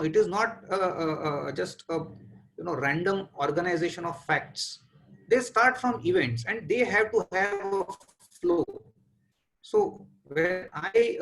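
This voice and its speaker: Gravelly high-voiced Indian man lecturing. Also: rough recording. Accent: Indian English. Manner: measured, thinking aloud with frequent "uh" pauses. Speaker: trial lawyer lecturing. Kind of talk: webinar lecture.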